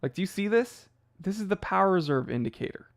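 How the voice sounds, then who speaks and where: A man's voice: high voice, animated, fast, gravelly. A man hosting a casual livestream, chatting loosely and rambling, with laughs at his own jokes. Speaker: livestream host.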